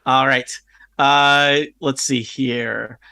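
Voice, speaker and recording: A man narrating a tabletop game as game master, relaxed and hesitant, with many fillers. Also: medium pitch, drawn-out words, vocal fry, clean tone, no echo.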